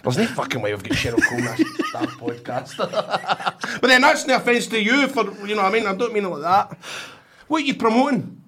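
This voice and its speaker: A man's voice: sits high, big pitch swings, a little fast, sharp tone, a little hiss or hum. A Scottish man co-hosting a podcast, bantering boisterously with frequent swearing and teasing laughter. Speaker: podcast co-host. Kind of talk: casual banter.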